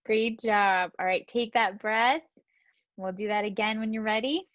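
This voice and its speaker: A woman acting as a speech clinician, coaching a client through exercises in a gentle, encouraging way. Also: medium pitch, a little slow, no room sound, lo-fi sound. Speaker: student speech-language clinician. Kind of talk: clinical exam instructions.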